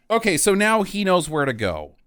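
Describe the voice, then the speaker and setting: Lively, clear-voiced man riffing on a movie. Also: high voice, no echo. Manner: crude, laughing, sarcastic retelling. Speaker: podcast co-host. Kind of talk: casual movie-riffing chat.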